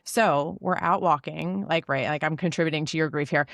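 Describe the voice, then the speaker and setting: A woman hosts a relaxed conversation, sharing a personal story with animated, expressive energy. Her voice sits on the lower side, and the recording is dry and close with no room sound. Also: moderate pace, vocal fry, no room sound. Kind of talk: casual chat.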